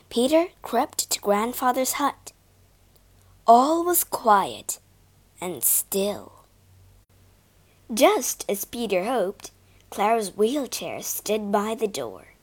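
A woman reading a storybook aloud to learners, clear and expressive. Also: fairly high pitch. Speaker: storybook reader. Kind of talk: slow read-aloud story narration for learners.

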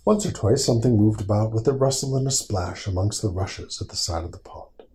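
A father with a deep, warm, mellow voice reads a storybook aloud to his small child. He is gentle and patient, pausing now and then to answer the little one's questions before reading on. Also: steady tone, a little hiss or hum.

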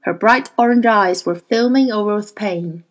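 A woman reading a novel aloud as audiobook narrator, measured and expressive. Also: mid-range voice, poor audio. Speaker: audiobook reader. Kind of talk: scripted narration.

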